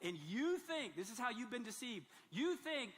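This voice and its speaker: Speaking at a moderate pace, a male pastor with a bright, high voice gives a sermon in a large church, where a long hall reverb carries his words. He's animated, moving between quiet asides and loud, forceful bursts.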